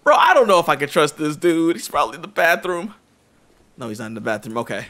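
Brief: excitable young male gamer, bright and higher-pitched, jumpy horror-game commentary. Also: quick pace. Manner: jumpy, excitable, slangy, repeats himself.

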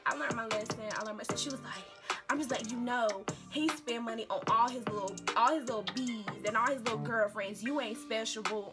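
Loud music plays throughout as a young vlogger dramatically recounts a story, saying lines twice to stress them. She is lively and her pitch sits a bit high.

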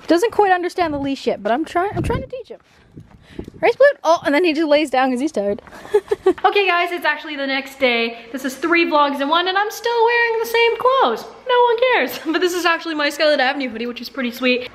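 A bubbly young woman with a high, bright voice chats casually to camera, now and then slipping into sing-song baby talk for her dog. There is a faint hiss of noise under the recording. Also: expressive, brisk. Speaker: vlogger. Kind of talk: casual vlog chat.

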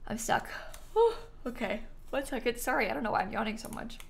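A woman's voice: on the high side, fairly quick, gravelly, slight background noise. A young woman streaming a video game live, chatting casually and reading quest text aloud. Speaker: gaming streamer.

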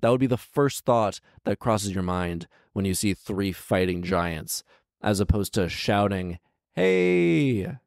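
A man's voice: deep voice, fairly even intonation, measured pace, no room sound, clean studio sound. A man reading a fairy tale aloud with sarcastic, exasperated comedic commentary. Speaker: storyteller and podcast host.

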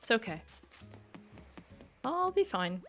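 With a fairly high voice that swings widely in pitch, a woman speaks slowly as she streams a video game over soft background music. She chats casually with her viewers, often exclaiming in a self-deprecating way.

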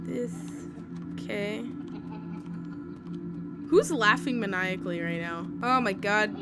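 A woman's voice: mid-range voice, takes it slowly, pauses often. A woman hosting a horror game let's play, jumpy and giggly, shrieking at scares and joking about herself. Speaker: gaming video host. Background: game music and horror sounds.

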